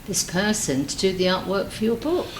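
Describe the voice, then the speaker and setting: A woman's voice: medium pitch, big pitch swings, moderate pace, echoey room, a little hiss or hum, poor audio. A woman hosting a podcast, asking short questions and giving brief encouraging reactions. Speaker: podcast host. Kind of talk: interviewing a guest.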